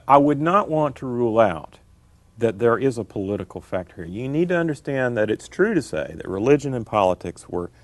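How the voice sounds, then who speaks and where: A man's voice: fairly low pitch, darkish tone, no echo. A middle-aged man, a scholar answering interview questions in an emphatic, lecturing way, repeating his key phrases. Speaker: guest scholar.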